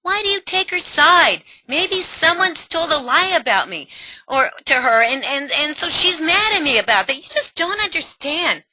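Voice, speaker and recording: A woman acting out a teenage daughter, upset and defensive, her voice pushed high and whiny. The delivery is bright, with lively swings in pitch. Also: normal speed, no echo, heavily acted. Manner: whiny, pleading.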